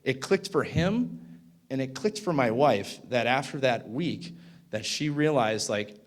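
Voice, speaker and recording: A man's voice: medium pitch, lively intonation, a little slow. A man in his thirties speaks to a conference audience. He tells a story in a loose, chatty way, full of fillers. He keeps checking in with the room. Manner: casual, filler-heavy, asks the audience "right?". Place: conference hall.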